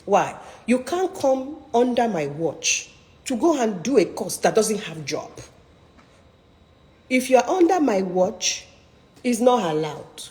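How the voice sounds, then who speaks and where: A woman's voice: on the high side, sing-song, slow pace, darkish tone, long reverb tail, poor audio. A middle-aged woman career coach giving an emphatic, persuasive online talk with a preacher-like drive.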